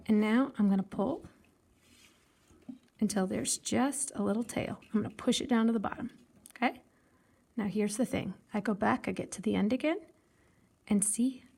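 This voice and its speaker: A woman art teacher giving a patient step-by-step craft lesson for children, counting aloud slowly and explaining with a simple story. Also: medium pitch, vocal fry, darkish tone, breathy edge.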